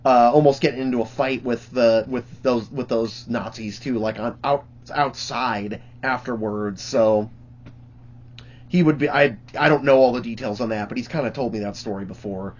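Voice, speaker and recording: A man's voice: medium pitch, moderate pace, highs cut off. A man hosting his own channel, telling rambling, profane stories in a casual way with lots of fillers.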